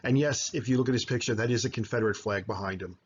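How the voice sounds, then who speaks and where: A man teaching high school history over slides, explaining at length with frequent fillers and self-corrections. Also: quick pace, husky, highs cut off. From United States. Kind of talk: recorded slideshow lecture.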